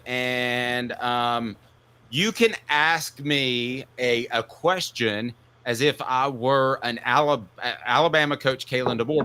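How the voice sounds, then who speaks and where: A man hosting a casual sports talk show, sarcastic and animated. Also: mid-range voice. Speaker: sports radio host.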